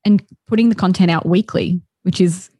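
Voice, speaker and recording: A woman's voice: lowish voice, normal speed, mellow, husky, dry recording, clean studio sound. A woman with an Australian accent, a podcast co-host chatting casually as a guest and laughing often.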